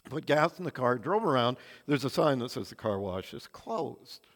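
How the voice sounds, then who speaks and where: A man's voice: medium pitch, very animated, normal speed. An older man preaching a sermon in a church, telling stories with earnest, dramatic swings of emphasis. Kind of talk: sermon with anecdotes. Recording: long reverb of a large hall.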